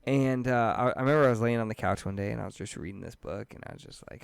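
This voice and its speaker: A man's voice: on the low side, quick pace, creaky, clear, resonant tone, dry recording. Male co-host, mid-thirties, casual storyteller who laughs a lot, dry close mic. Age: 30s. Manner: animated storyteller, laughs often, lots of "like" and "dude". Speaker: podcast co-host. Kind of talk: casual chat.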